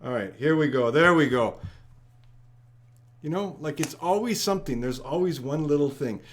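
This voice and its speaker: Guy running a trivia livestream, kinda high voice, reads off chat names fast and upbeat. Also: lively intonation. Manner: upbeat, rattles off viewer locations quickly. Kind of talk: live stream chat shout-outs.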